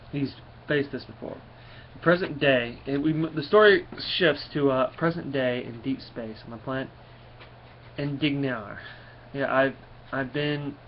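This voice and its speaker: A man casually reviewing a comic book and reading it aloud, in a folksy, rambling way. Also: medium pitch. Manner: rambling, folksy, restarts words. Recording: dull lo-fi recording, faint noise.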